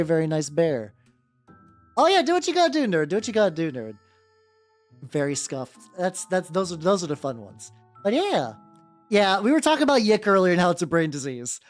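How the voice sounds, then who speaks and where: A chatty woman livestreaming while she paints miniatures. Her voice sits a little low but swings widely as she talks, and she curses casually and greets chatters by name. Soft background music plays under her. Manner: chatty, swears freely, greets chat by name, laughs often. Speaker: VTuber streamer painting miniatures.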